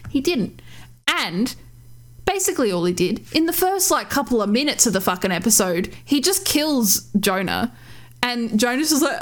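Animated swearing woman podcast co-host. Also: a little high, normal speed. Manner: animated, swearing, laughing, acting out quotes. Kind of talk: casual chat.

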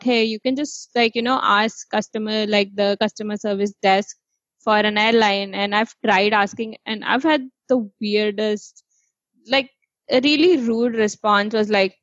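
A chatty woman in casual conversation, filling her pauses with "um" and laughing often. Her voice sits at a middle pitch, and the recording is slightly muffled and dry. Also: fairly even intonation, dry recording. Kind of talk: casual chat.

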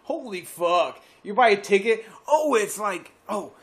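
A man with a high voice and a lively, swinging pitch, co-hosting a casual podcast. He laughs often and drops in short, profane comments. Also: unhurried. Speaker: podcast co-host. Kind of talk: casual chat.

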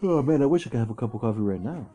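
A man's voice: medium pitch, expressive, very fast, warm tone, muffled recording. A man co-hosting a podcast, chatting casually in a playful, teasing, rambling way. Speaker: podcast co-host. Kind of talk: casual chat.

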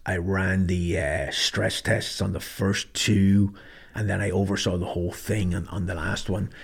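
A man's voice: low-pitched, flat delivery, measured pace, gravelly, slightly rough. A middle-aged man from Ireland telling stories in a blunt, matter-of-fact way, with casual swearing. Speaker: podcast host, former sniper instructor. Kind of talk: casual storytelling monologue.

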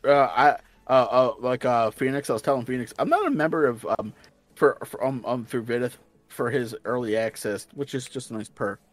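A man's voice: medium pitch, expressive, normal speed, no room sound. A man with a slight Southern US accent, chatting casually on a stream and rambling, with restarts and casual swearing. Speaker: stream guest. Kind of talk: casual chat.

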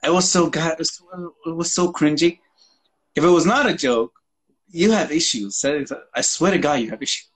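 A man's voice: on the high side, moderate pace, poor audio. A man co-hosting a casual podcast, an English teacher who talks in a joking, profane, mocking way. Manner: profane, joking, mocks accents. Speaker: podcast co-host. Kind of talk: casual chat.

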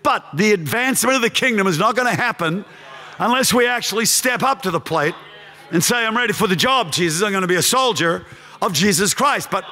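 Brief: middle-aged male pastor, high and bright, impassioned sermon, long hall reverb. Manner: impassioned, rises to shouting then drops to hushed storytelling.

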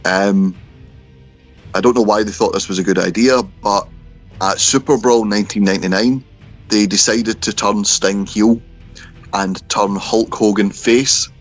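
A man's voice: lowish voice, fairly even intonation, measured pace, faint music behind. A man, co-hosting a casual podcast chat and going through old events at an easy pace. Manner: laid-back, chatty, swears. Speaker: podcast co-host. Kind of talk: casual chat about wrestling history. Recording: slightly dull lo-fi audio.

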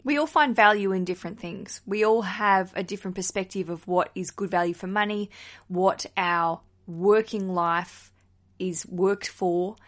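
A woman's voice: mid-range voice, measured pace. A young woman hosting a wedding podcast, chatting casually and enthusiastically, with the odd swear word thrown in.

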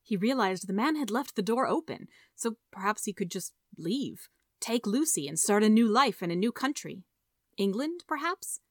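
A woman reading a story aloud in a steady, measured narration. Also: mid-range voice, no room sound, studio quality. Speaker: audiobook reader.

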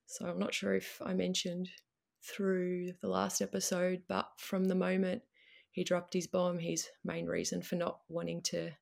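A woman with an Australian accent, telling a personal story in a hesitant way, with many pauses and ums. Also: fairly low pitch, completely flat delivery, gravelly, a little mellow. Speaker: guest.

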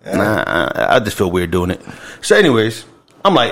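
A man's voice: lowish voice, sing-song, normal speed, a bit bright. A man co-hosting a podcast, telling a long story in a loose, profane, laughing way among friends. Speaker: podcast co-host.

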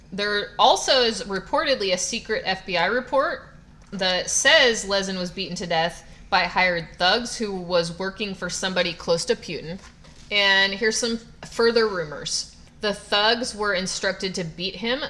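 A woman's voice: medium pitch, a little slow, pushed and bright. A woman co-hosting a podcast, telling a story in a wry, matter-of-fact way. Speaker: podcast co-host. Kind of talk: casual chat.

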